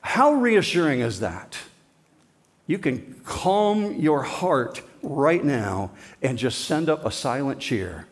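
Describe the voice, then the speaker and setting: Male pastor, slightly high voice, emphatic sermon delivery with forceful and hushed passages. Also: very animated, takes it slowly. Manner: emphatic preaching, swings between forceful and hushed.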